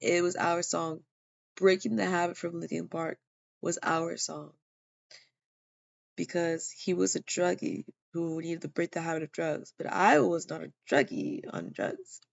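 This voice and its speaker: A woman tells a personal story in a loose, rambling way, stopping often on fillers and restarts. She is tired and yawning, and her voice is strongly gravelly with constant fry. The recording is dull and lo-fi. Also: fairly low pitch, measured pace. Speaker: vlogger sharing a personal testimony.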